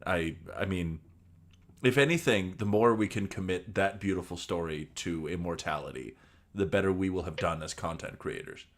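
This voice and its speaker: Deep-voiced deadpan male host. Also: normal speed. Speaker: podcast host and narrator. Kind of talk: deadpan comedic narration.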